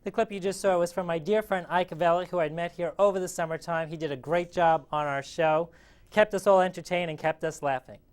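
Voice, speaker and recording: A man's voice: on the high side, fairly even intonation, fairly quick, clear, resonant tone. A man hosting a talk show in a friendly, upbeat way, greeting a caller and introducing clips.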